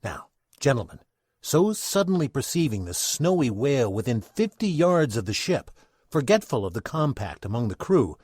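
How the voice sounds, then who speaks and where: Male narrator, old-time radio style, theatrical, lively, dry close sound. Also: mid-range voice, moderate pace, husky, no room sound. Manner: theatrical, expressive storyteller.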